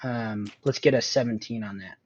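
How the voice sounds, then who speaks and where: A man's voice: medium pitch, steady tone, moderate pace, slight background noise. A man narrating as game master in a tabletop game, casually and with many fillers. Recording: dull lo-fi sound.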